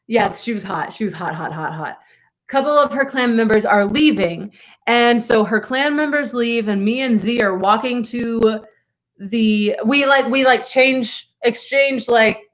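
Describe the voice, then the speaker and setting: A woman's voice: on the high side, fairly bright tone. A young woman vlogger telling a rambling story to her viewers with lots of asides and laughter.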